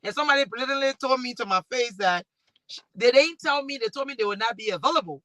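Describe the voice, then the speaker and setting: A woman from Liberia with a Liberian accent, speaking as a panelist and talk show host who tells animated stories and acts out the dialogue. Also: a little high, quick pace, dry recording. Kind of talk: panel discussion.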